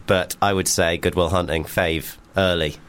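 A man appearing as a comedian guest in a casual chat, deadpan and often halting. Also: deep voice, clear, resonant tone.

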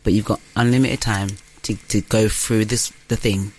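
A woman hosting a casual podcast quiz game, giggly and quick to mock herself. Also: rumbling low, steady tone, a little mellow. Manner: giggly, self-mocking. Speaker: quiz host.

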